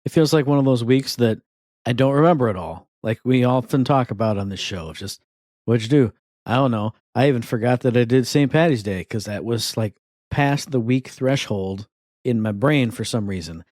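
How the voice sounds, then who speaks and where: A man in his thirties co-hosting a podcast, chatting casually and telling rambling, animated stories. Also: medium pitch, moderate pace, no echo, clean studio sound. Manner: rambling, animated storytelling with voiced asides. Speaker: podcast co-host. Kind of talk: casual chat.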